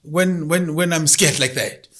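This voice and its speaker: A man doing a frightened, high-pitched village woman. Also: measured pace, a bit bright. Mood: anxious. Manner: anxious, pleading.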